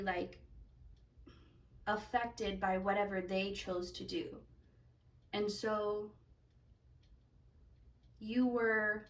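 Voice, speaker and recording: A woman's voice: medium pitch, recorded from a distance, rough recording. A woman giving a pick-a-card tarot reading, talking in a rambling way as she searches for words. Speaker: tarot reader.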